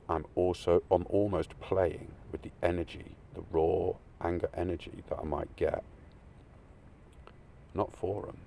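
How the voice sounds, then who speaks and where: Gravelly deep man, tearful monologue. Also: slight background noise. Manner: rambling, swearing, swings between loud and hushed. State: crying. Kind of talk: emotional unscripted monologue.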